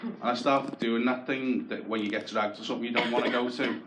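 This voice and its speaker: A man's voice: mid-range voice, steady tone, a little fast, a little hiss or hum. A young man from Liverpool with a Scouse accent, doing a wry, self-deprecating, sweary stand-up comedy set. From Croxteth, Liverpool, England. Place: comedy club stage. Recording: echoey club with loud audience laughter.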